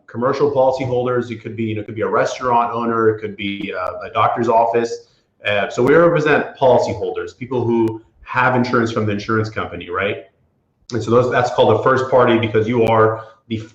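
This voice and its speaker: A man from the Florida Panhandle, an attorney and guest, talking casually with many fillers and restarts. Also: mid-range voice. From Florida Panhandle, USA. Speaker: property insurance attorney, guest. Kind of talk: casual interview talk. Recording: roomy, dull lo-fi sound.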